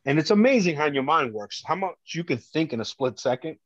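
A middle-aged man, telling a personal story as a podcast guest, earnest and animated, often acting out what others said. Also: on the high side, a little fast, dry recording, muffled recording.

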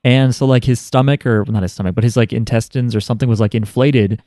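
A man's voice: mid-range voice, steady tone, quick pace, mellow, no room sound, studio quality. A young man co-hosting a podcast, telling stories and teasing in casual chat. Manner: joking, teasing storyteller. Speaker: podcast co-host.

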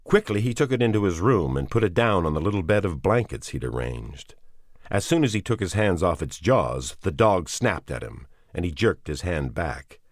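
Male audiobook narrator, extremely deep voice, measured and expressive, dry close sound. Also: no echo. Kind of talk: dramatic audiobook reading.

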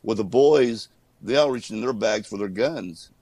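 A man, a former wrestler, telling stories in a casual interview, animated and laughing often while he acts out what people said. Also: lowish voice, normal speed, dry recording, poor audio.

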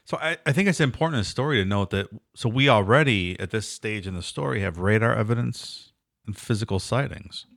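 A man's voice: lowish voice, brisk, vocal fry, a bit bright, no echo, clean studio sound. A man co-hosting a podcast, chiming in with agreement and jokey asides in casual banter. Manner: chimes in with agreement and jokey voices. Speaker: podcast co-host.

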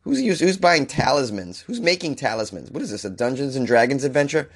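A male comedian hosts a news podcast and is feeling under the weather. He reads each story and then breaks into exasperated rants. His voice is of middle pitch. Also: very animated, fairly quick, breathy edge. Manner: exasperated, ranting. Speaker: podcast host.

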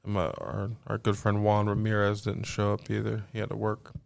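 A man with a low, gravelly voice hosts a casual home podcast. He swears freely and tells stories with animated energy, acting out other people's lines. His voice sounds dry and close to the mic. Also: normal speed, no room sound. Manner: profane, animated storytelling; acts out quoted voices. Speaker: podcast host. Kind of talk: casual chat.

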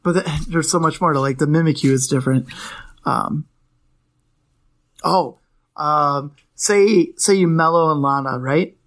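A playful young man with a fairly high voice chats casually as a podcast co-host. He rambles and restarts his thoughts, then jokes around with his partner. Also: a little slow, long pauses, a bit bright. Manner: rambling, playful, self-correcting. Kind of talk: casual chat about trading cards.

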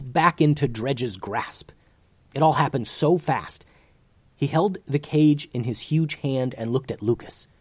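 A man reading a children's fantasy story aloud as narrator, in an expressive, animated way. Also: medium pitch, breathy edge, no echo.

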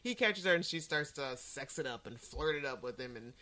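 A woman's voice: a bass voice, lively intonation, fairly quick, sharp tone. A woman co-hosting a podcast in casual chat, retelling scenes animatedly and laughing often. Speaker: podcast co-host.

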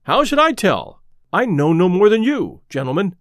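A man's voice: sits high, sing-song, normal speed, fairly bright tone, no echo, clean studio sound. A man voicing a frightened innkeeper in an audiobook, anxious and wailing. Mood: fretful. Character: frightened elderly male innkeeper, nervous.

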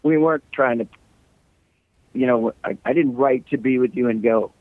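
Over a tinny, dry call line with no echo, a middle-aged rock singer from the United States jokes and rambles through stories as a guest. His slightly scratchy voice is medium-pitched and at a normal speed, in a casual interview.

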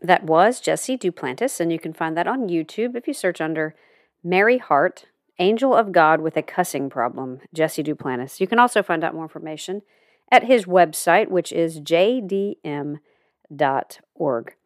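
A woman's voice: lowish voice, animated, normal speed, no echo, clean studio sound. A woman host closing the segment with a friendly sign-off. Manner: warm sign-off, reads out details. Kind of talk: radio outro. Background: guitar music.

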